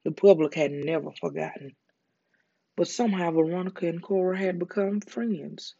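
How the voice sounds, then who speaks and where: Mellow Southern US ASMR storyteller. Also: mid-range voice, gravelly, breathy edge, no room sound. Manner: calm, slow, soothing reading. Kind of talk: soft ASMR story reading. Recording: dull lo-fi recording.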